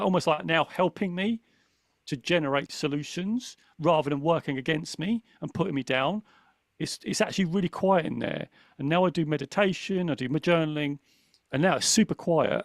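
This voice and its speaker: A man's voice: on the high side, gravelly, dry recording. A man co-hosting a podcast, talking earnestly and reflectively in casual chat, often checking in with "right?". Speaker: podcast co-host.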